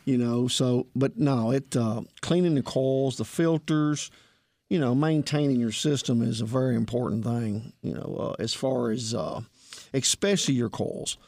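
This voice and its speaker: A man's voice: mid-range voice, moderate pace, gravelly, darkish tone, no room sound, clean studio sound. A man with a Southern accent, a technician guest on a radio show, explaining in a plainspoken, folksy way with many fillers. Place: radio studio.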